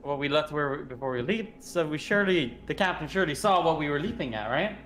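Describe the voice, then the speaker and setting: Incredulous man player with a higher voice. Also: lively intonation, fast talker, fairly bright tone, a little hiss or hum. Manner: questioning, incredulous. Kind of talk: tabletop game chat, in and out of character.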